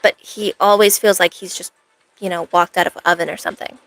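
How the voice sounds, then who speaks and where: Brief: woman streamer, in-character cosplay chat, sarcastic rambling banter, vocal fry. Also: lowish voice, steady tone, brisk, a bit bright, faint music behind.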